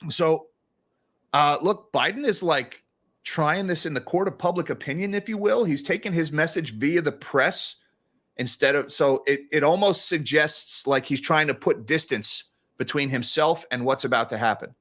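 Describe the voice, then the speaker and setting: A man's voice: on the high side, normal speed, a bit bright. A man hosting a casual livestream of market commentary, chatty and given to sarcastic asides. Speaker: financial commentary host.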